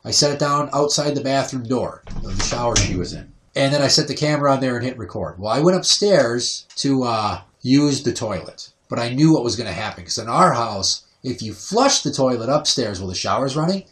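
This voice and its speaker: Animated storyteller man, roomy sound. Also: mid-range voice, fairly quick, hardly any pauses. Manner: animated, acts out other people's voices. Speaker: podcast host. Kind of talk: casual storytelling. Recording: roomy sound, voice distant from the mic.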